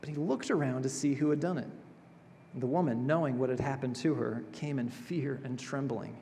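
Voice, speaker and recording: Expressive preacher in a reverberant chapel. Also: male voice, mid-range voice, fairly quick, a little hiss or hum. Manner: expressive, swings between emphatic and hushed. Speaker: pastor. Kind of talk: sermon. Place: chapel sanctuary.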